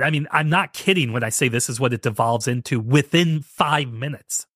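A man's voice: medium pitch, fairly quick, hardly any pauses, fairly bright tone, dry recording. Sarcastic man, dry close podcast mic. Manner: sarcastic, mocking impressions of others. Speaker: podcast host. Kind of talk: casual commentary.

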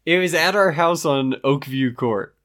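A young man in casual chat, talking in a relaxed way and often pausing with "um" as he recounts stories. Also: a little high. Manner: relaxed, many "um" pauses while recounting.

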